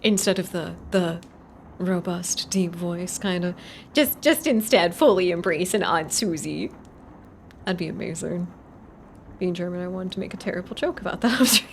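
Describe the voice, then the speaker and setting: A woman's voice: on the low side, moderate pace, gravelly, a little hiss or hum. A woman from Texas with a Texan accent, reading a horror story on a live stream, chatty and laughing, tripping over hard words and repeating them.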